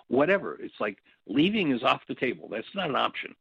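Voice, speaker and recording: An older man leading a workshop, telling stories and teaching in a reflective, halting way with pauses and restarts. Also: mid-range voice, sing-song, vocal fry, slightly rough, no room sound. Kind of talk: spoken teaching talk with stories. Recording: dull, dry lo-fi audio.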